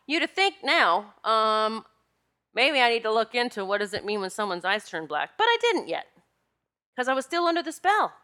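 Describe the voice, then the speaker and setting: A woman with a bright, forceful voice tells a personal story in a relaxed monologue. She sounds animated and confiding and speaks straight to her listeners. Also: on the high side. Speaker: spiritual energy practitioner.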